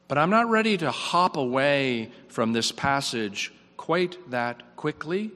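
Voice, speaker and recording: A male preacher delivers a sermon with a bright, forceful tone, reflective and earnest. His questions rise, then his voice sinks quiet. The sound rings with the long reverb of a church sanctuary. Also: medium pitch, animated, takes it slowly, few pauses.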